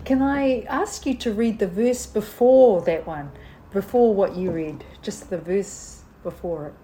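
A woman interviewer asking gentle questions in a calm, affirming way. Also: medium pitch, a little slow, a little hiss or hum, poor audio.

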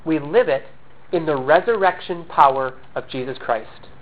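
With a slightly high voice at a moderate pace, a pastor gives an earnest, emphatic sermon. He lightens it with self-deprecating humor while still recovering from a cough. The recording has a tinny, phone-quality sound.

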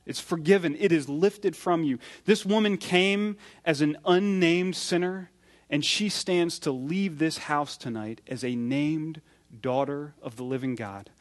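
Animated preaching man, higher voice. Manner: animated storytelling, acting out the quoted speakers. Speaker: pastor. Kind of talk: sermon.

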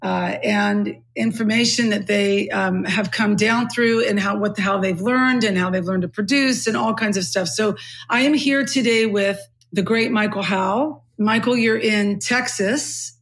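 A middle-aged woman from California hosting a podcast, with a low textured voice. She thinks aloud in casual chat, full of fillers. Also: fairly even intonation, unhurried. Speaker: podcast host.

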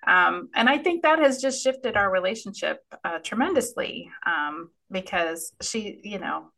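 Bright, gravelly woman co-host. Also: medium pitch, animated, measured pace. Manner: warm, chatty, laughs between phrases. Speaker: podcast co-host. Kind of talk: casual podcast chat.

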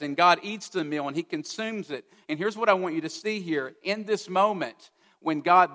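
A man's voice: fairly high pitch, fairly bright tone, long reverb tail. A man preaching a sermon as a pastor, earnest and often putting direct questions to his listeners.

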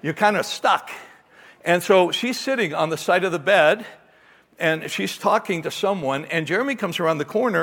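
Gravelly-voiced middle-aged pastor guy telling a sermon story, kinda high voice, echoey hall. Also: normal speed. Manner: animated storyteller, acts out voices, ends in quiet prayer.

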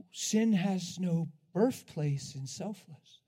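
Animated high-voiced male preacher. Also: measured pace. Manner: animated, laughing, swings from loud to hushed. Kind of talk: sermon.

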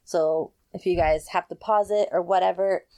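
A woman's voice: fairly low pitch, moderate pace. Chatty woman retelling a drama. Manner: animated storytelling, acts out characters' lines. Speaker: podcast co-host. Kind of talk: casual recap chat. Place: home, dog nearby.

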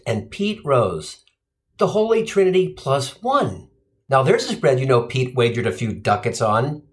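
A middle-aged man from Cincinnati delivering a sardonic, profane comic monologue. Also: mid-range voice. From Cincinnati, USA. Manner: sardonic, profane, punchline-driven. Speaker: stand-up comedian.

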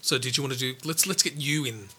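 A man hosting a podcast in casual chat, reacting quickly and cutting in. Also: medium pitch, bright, forceful tone. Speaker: podcast host.

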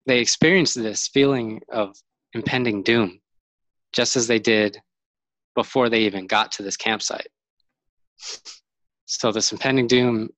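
A man's voice: medium pitch, a bit bright, no echo, rough recording. A man casually retelling a camping story, rambling with many fillers and restarts.

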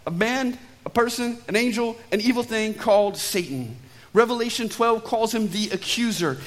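A male pastor preaches a sermon in a bright, high voice, alternating emphatic pushes with soft, low drops on key lines. Every phrase trails a long reverb, like the sound of a large church sanctuary.

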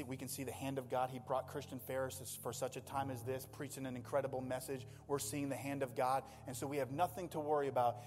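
A man's voice: mid-range voice, a little mellow, big-room sound. A man preaching a sermon as a pastor, in a conversational and impassioned way. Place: church sanctuary.

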